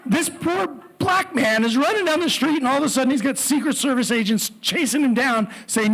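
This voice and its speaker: A man telling a personal story at a live story slam, animated with comic asides. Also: very high voice, fairly quick, vocal fry, hardly any pauses.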